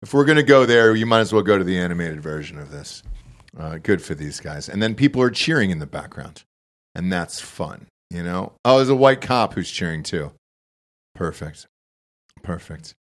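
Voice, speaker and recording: A man hosting a podcast, chatting casually, swearing freely and reacting loudly. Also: low voice, a little fast. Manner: loose, swearing, animated reactions. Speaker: podcast host. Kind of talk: casual chat.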